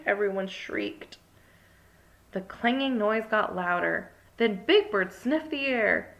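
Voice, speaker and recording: A woman reading a children's story aloud with expressive, animated storytelling. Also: medium pitch, slow, creaky. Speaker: story reader. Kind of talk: children's read-along narration.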